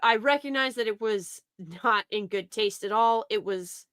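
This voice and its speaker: A woman's voice: on the high side, normal speed, clean tone, no echo, clean studio sound. A woman talking as a podcast guest in a casual chat, rambling with many restarts and fillers and acting out quotes from her retellings. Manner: quotes others in animated retellings.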